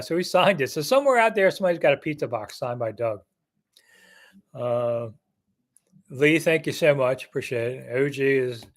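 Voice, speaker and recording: A man in his sixties hosting a casual live chat as a longtime sports reporter. He talks in a blunt, rambling way, full of fillers and old stories. His voice sits at an ordinary middle pitch. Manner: rambling, blunt, anecdote-telling with frequent fillers. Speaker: sports reporter and show host.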